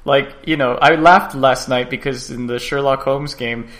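A man hosts a podcast and talks casually at a plain middle pitch. He stumbles, repeats words and trails off before finding his point. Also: steady tone, normal speed, a bit bright. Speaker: podcast co-host. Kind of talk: casual chat.

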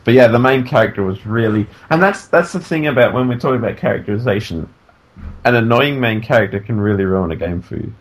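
A man co-hosting a casual podcast from bed, sleepy and yawning, talking in an animated, joking way that trails off and restarts. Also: mid-range voice, fast talker. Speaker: podcast co-host. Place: in bed at home.

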